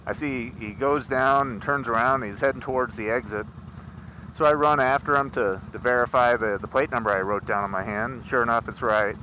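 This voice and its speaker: Speaking a little fast, in a sharp-toned, mid-range voice, a motorcycle vlogger outdoors relives a confrontation, acting out both people involved. It's casual storytelling, captured on a noisy recording.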